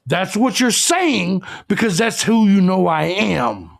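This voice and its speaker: A man's voice: high voice, big pitch swings, takes it slowly, gravelly, few pauses. A man hosting a live stream, ranting crudely and combatively as he lectures his audience. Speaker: live show host.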